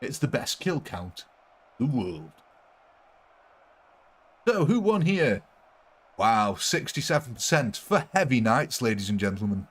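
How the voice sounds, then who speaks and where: A man's voice: medium pitch, big pitch swings, measured pace, long pauses, breathy edge. A young man streaming a strategy game live, chatting jokily with his viewers. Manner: jokey, chatty, giggly. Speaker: gaming livestreamer. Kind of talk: live game commentary with chat.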